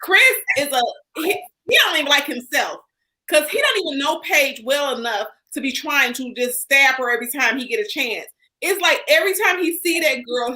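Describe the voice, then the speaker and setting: A woman giving sassy, preachy opinions in a casual recap chat. Her voice is high and bright. She talks in an animated way. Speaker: co-host.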